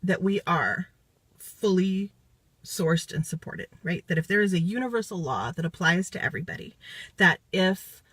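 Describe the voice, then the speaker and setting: A woman's voice: fairly low pitch, lively intonation, normal speed, fairly bright tone, slightly rough, no room sound. A woman giving an emotional live video testimonial after a retreat, swearing freely and close to tears. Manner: swearing, intense, near tears.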